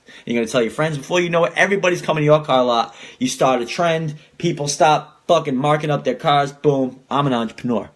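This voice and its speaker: A young man hosts a podcast, ranting casually and swearing heavily as he gets worked up. His voice is a little high and he talks fast.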